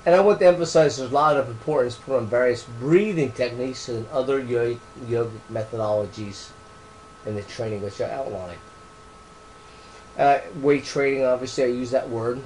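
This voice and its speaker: Earnest rambling man, soft then emphatic. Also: medium pitch, normal speed, slight background noise, rough recording. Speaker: author explaining his training book. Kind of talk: casual unscripted explanation.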